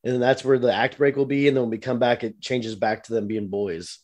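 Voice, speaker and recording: A man's voice: mid-range voice, steady tone, brisk, darkish tone. A man co-hosting a podcast, tossing in joking asides and casual banter. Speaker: podcast co-host.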